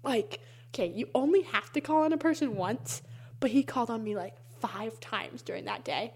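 Chatty young woman, slightly high voice. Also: expressive, moderate pace, husky. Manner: chatty, many fillers, laughs often. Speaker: interviewee. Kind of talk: casual storytelling.

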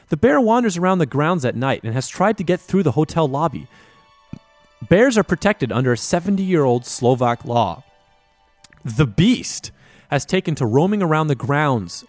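A man's voice: fairly high pitch, a little mellow, no room sound. A man hosting a comedy show, reading odd news stories and adding sarcastic, rambling and crude asides. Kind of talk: comic news commentary.

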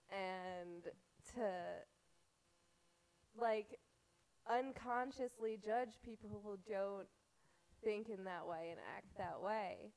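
Young woman, casual chat, slow, halting and giggly delivery. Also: mid-range voice, darkish tone, poor audio.

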